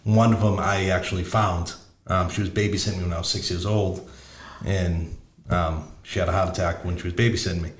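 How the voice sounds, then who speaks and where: Low-voiced man telling a story. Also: steady tone, fairly quick, echoey room. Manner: blunt, profane, restarts often while searching for words. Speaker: podcast host. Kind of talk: casual storytelling.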